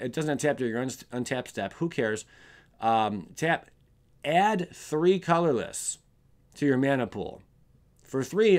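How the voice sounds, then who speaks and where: A young man hosting a casual card review, rambling and often stumbling over and correcting his words. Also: mid-range voice. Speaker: card game video host.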